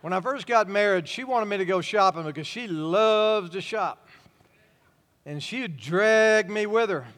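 Older man preaching, high-pitched, folksy and homespun, long hall reverb. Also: a little slow. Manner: folksy, warm-hearted storytelling with chuckles. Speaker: pastor. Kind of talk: sermon.

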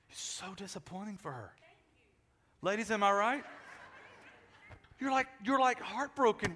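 A man preaching a sermon in a large church, animated and joking with the congregation, often repeating words as he restarts. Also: sits high, moderate pace, long pauses, a little hiss or hum. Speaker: pastor. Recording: echoey hall.

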